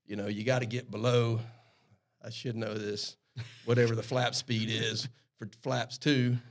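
A man with a South Carolina Lowcountry Southern accent, a guest chatting casually about flying and cooking, easygoing and agreeable. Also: flat delivery, measured pace. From South Carolina, USA. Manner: easygoing, agreeable, keeps saying "that's right". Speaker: guest, airline pilot. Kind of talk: casual podcast conversation.

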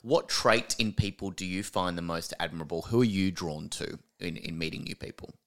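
A man with a deep, low voice hosts a podcast. He asks his guest questions and answers with short encouraging replies. He sounds at ease in the conversation. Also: normal speed, fairly bright tone. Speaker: podcast host. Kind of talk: interviewing.

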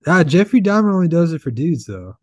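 Lively young man, dry close podcast chat. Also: fairly high pitch, fairly quick, no room sound. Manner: teasing, laughs a lot. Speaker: podcast co-host. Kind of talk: casual chat.

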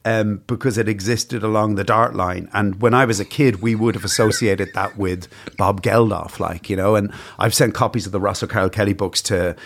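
A man's voice: on the low side, fairly even intonation, moderate pace, vocal fry, hardly any pauses. Wry rambling Irish man. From Ireland. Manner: wry, rambling explanations with frequent ums. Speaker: guest author. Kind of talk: casual podcast chat.

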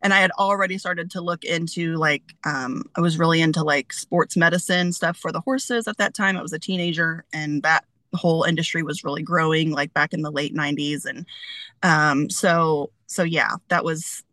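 A woman's voice: sits low, steady tone, normal speed, pushed and bright, no room sound. A woman in her forties, a guest telling stories in a casual interview, chatty with many fillers.

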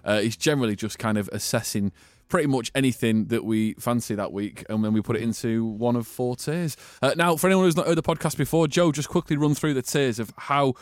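A man's voice: mid-range voice, a little fast, dry recording. Man, podcast host, casual chat, dry close sound. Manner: chatty, laughs, filler uhs.

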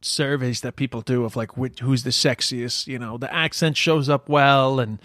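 A man's voice: medium pitch, fairly even intonation, moderate pace, fairly bright tone, dry recording, studio quality. A middle-aged Irish man hosting a casual chat, joking with crude banter. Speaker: podcast host.

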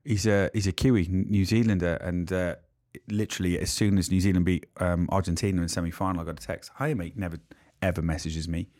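A man's voice: deep voice, flat delivery, quick pace, darkish tone, no room sound, clean studio sound. A middle-aged man co-hosting a podcast in casual chat, wry and a bit exasperated. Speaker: podcast co-host.

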